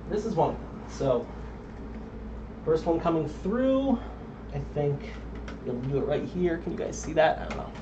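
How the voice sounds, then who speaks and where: A young man chatting casually as he streams a computer build at home, rambling with frequent ums and drifting off the mic. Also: on the high side. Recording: dull lo-fi stream audio with faint noise.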